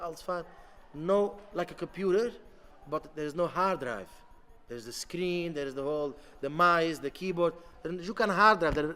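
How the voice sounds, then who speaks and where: A man, a rabbi giving an impassioned sermon, halting with many restarts. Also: high voice, a bit bright. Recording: long hall reverb.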